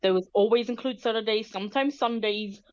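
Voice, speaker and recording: A woman's voice: on the high side, a little fast, a little mellow, dry recording, highs cut off. A woman student chatting casually, telling a story in a wry tone. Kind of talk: casual chat.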